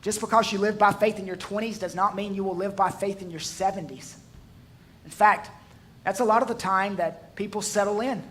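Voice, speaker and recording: A man's voice: high-pitched, fairly even intonation, moderate pace, a bit bright. A male pastor preaching a sermon, mixing jokes into his storytelling and swelling to emphatic peaks.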